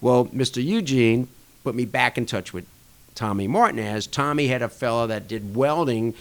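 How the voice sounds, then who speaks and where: A man guest on a podcast, casually telling a long anecdote and acting out conversations with a rising and falling voice. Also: normal speed. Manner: animated anecdote-telling, acting out dialogue with shifting pitch. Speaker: podcast guest, restaurant association chair. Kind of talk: casual storytelling interview.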